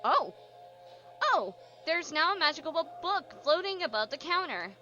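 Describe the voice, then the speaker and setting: A woman streamer giving casual game commentary and reading lines aloud, giggly and often clearing her throat. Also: extremely high pitch, sing-song, moderate pace, bright, forceful tone, muffled recording. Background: faint game music.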